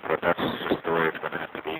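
A man testing his voice over a street payphone, talking in a halting, wry ramble full of pauses and restarts. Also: extremely low pitch, monotone. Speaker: amateur field recorder. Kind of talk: rambling sound-check monologue. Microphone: payphone receiver. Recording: noisy street payphone line. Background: traffic, car alarm and subway noise.

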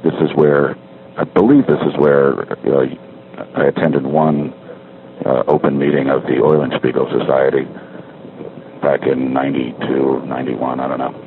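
Calling from a street payphone, a middle-aged man records a rambling, casual spoken diary full of wry asides and self-corrections. His voice is very deep and flat at a normal speed, and the handset audio is tinny with faint street noise.

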